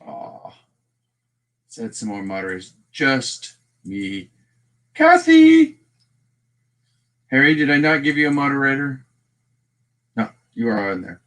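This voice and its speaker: A Texan man with a bright, forward voice runs a casual livestream. He chats loosely, greets viewers by name and talks to the chat while he works. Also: medium pitch, animated, normal speed, pauses often. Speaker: livestream host.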